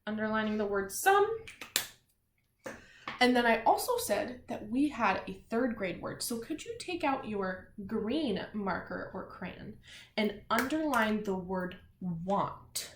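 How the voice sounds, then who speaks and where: A woman teacher giving a children's word lesson, slowly spelling and reading words aloud and giving gentle drawing instructions. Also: mid-range voice, expressive. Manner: slow, gentle classroom instruction with spelled-out letters. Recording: echoey room with faint noise.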